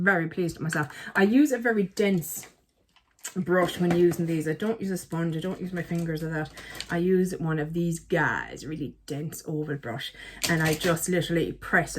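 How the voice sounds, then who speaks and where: A woman's voice: on the low side, a little hiss or hum. Chatty self-mocking woman. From Ireland. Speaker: beauty vlogger. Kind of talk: casual chat.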